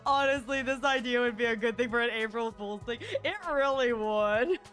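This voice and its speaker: A woman streamer chats through her game in a high, bright voice, giggling and animated. Faint game music hums under her talk. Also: normal speed. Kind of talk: casual gameplay commentary.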